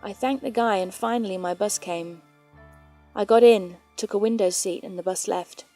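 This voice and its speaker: A woman reads true horror stories aloud in a calm, measured way. Her tone is mellow and warm at a middle pitch, with faint music playing softly underneath. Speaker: horror story narrator. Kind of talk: reading scary stories aloud. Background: faint background music.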